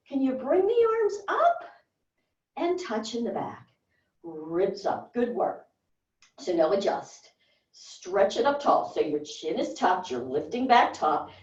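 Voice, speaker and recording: Woman cueing a slow, roomy workout. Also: high voice, darkish tone. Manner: encouraging, gives short counted movement cues. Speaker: fitness instructor. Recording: roomy, distant and dull.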